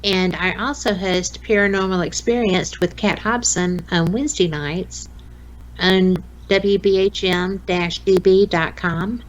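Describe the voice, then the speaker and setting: A woman in her late fifties with a Southern US accent, a radio host chatting as a podcast guest, folksy and quick to laugh. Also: mid-range voice, fairly even intonation, poor audio. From American South. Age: 50s. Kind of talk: casual interview chat.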